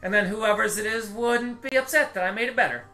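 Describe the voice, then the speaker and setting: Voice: mid-range voice, fairly quick, sharp tone, soft background music, pitched above the performer's own voice. A player voicing a nervous, secretive young woman tinkerer who rambles out excuses. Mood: eager.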